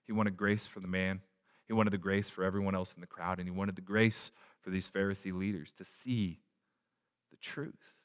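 A man preaching a sermon in a conversational way, asking the congregation rhetorical questions and dropping his voice low for emphasis. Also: flat delivery, normal speed. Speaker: pastor.

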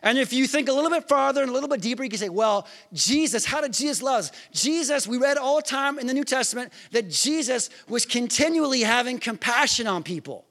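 A man's voice: very high-pitched, expressive, brisk, hardly any pauses, a bit bright. A man preaching a sermon in a conversational way, asking the listeners questions and acting out scripture scenes. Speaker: pastor.

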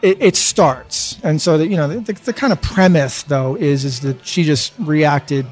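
Halting man in his fifties. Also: on the high side, faint music behind. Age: 50s. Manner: halting, many restarts, swears freely. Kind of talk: casual chat.

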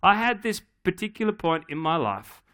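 A middle-aged man preaching a sermon, telling a family story in a relaxed, humorous, conversational way. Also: high-pitched, moderate pace, clean tone. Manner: acts out his daughter's voice in quotes. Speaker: pastor.

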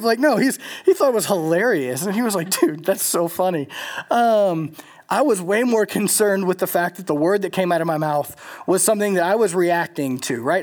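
A young man from Louisiana leading a college group, telling stories in a casual, rambling sermon full of filler words and restarts. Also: high-pitched. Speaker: college ministry leader. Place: in front of a live group.

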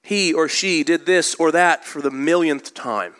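A male pastor preaching a sermon in a church, moving from slow scripture reading into lively storytelling. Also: on the high side, smooth.

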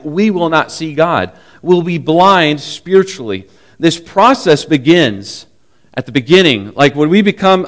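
A man with a slightly higher voice, delivering a sermon. He tells stories earnestly and confessionally, then teaches from scripture in a sincere tone. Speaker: preacher.

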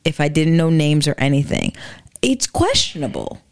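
A woman's voice: low-pitched, big pitch swings, moderate pace. A woman co-hosting a casual chat, questioning and skeptical, thinking aloud with restarts. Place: Charlotte area, US.

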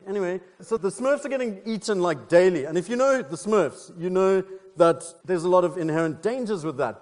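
A preacher from South Africa, talking in a loose, playful way with plenty of fillers. His voice sits slightly high for a man. The sound rings with a long reverb from the church hall. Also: a little mellow. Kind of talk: casual sermon with joke and prayer.

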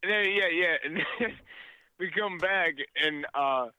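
Guy rambling about airports, cussing nonstop, bright edgy voice, dry sound. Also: sits high, smooth, no room sound, rough recording. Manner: rambling, profane, halting with fillers. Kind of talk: casual storytelling chat.

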